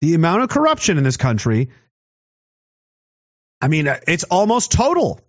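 High, animated angry man ranting. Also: normal speed. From Canada. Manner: heated, profane, sarcastic ranting. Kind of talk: angry political rant to camera. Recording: dull lo-fi audio.

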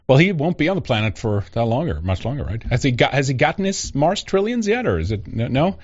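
A man's voice: mid-range voice, sing-song, fast, darkish tone. Rambling sarcastic male podcast host. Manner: rambling, sarcastic, often laughing. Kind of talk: casual opinionated chat. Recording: dull lo-fi podcast audio.

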